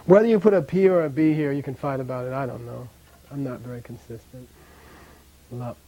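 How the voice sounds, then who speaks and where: A man's voice: medium pitch, fairly quick, lo-fi sound. A middle-aged man teaching a language class in a casual way, often checking in with his students. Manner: relaxed, casual, checks in with "okay?".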